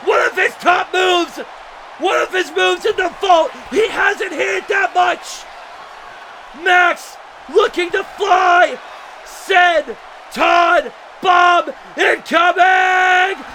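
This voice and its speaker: Young male wrestling commentator, frantic shouty play-by-play, noisy venue. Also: extremely high pitch, slow pace. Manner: frantic, shouting, disbelieving outbursts. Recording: loud crowd and noisy venue. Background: cheering crowd.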